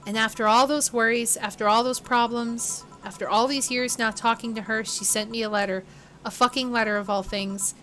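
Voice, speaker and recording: A woman's voice: a little high, fairly even intonation, moderate pace, a bit bright, natural voice. A woman reading a blunt, grieving young woman. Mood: exasperated.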